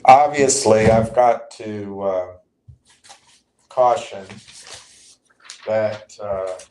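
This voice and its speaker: A man's voice: lowish voice, extremely slow, darkish tone, slight background noise. A man hosting a live stream, giving emphatic, agitated stock market commentary and answering chat. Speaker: livestream host.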